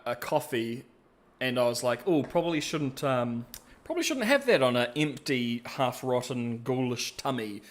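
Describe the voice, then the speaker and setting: A man's voice: mid-range voice, a bit bright. A male podcast host chatting casually, rambling and self-deprecating, laughing often. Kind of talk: casual commentary.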